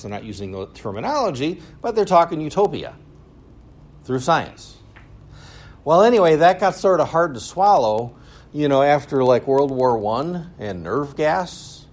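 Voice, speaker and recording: A man gives a loose, conversational lecture in a middle-pitched voice. He drifts between muttered low asides and sarcastic, animated swells, and he cracks jokes as he goes. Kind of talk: university lecture. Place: school lecture room.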